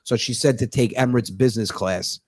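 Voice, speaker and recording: A man's voice: medium pitch, fairly quick, no room sound, studio quality. A male stand-up comedian chatting as a podcast guest, telling profane stories and acting out the dialogue. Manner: animated, profane storyteller who acts out dialogue. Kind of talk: casual podcast chat.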